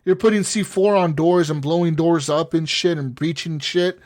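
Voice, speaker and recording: Animated, profane young man telling stories. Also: fairly high pitch, moderate pace. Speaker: podcast co-host. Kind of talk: casual gaming podcast chat.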